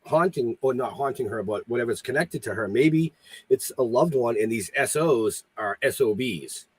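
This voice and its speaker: A man's voice: medium pitch, lively intonation, a little mellow, slightly rough, dry recording, low-quality recording. A man hosting a podcast, casually chatting with a guest and steering the questions. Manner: steers the conversation, quick affirmations. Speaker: podcast host. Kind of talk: casual chat.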